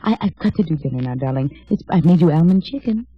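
A patient housewife who coaxes and stalls in a soothing tone. Her voice is husky and she talks quickly. It comes through a muffled old radio recording. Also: low voice, animated. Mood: coaxing. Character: patient, sweetly evasive housewife. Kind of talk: 1960s radio comedy sketch. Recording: dull old radio broadcast.

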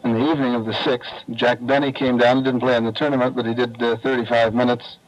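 A man answering in a radio interview, friendly and hesitant with many pauses. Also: mid-range voice, level tone. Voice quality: warm, hesitant with many fillers. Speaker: interview guest. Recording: dull old radio with faint noise.

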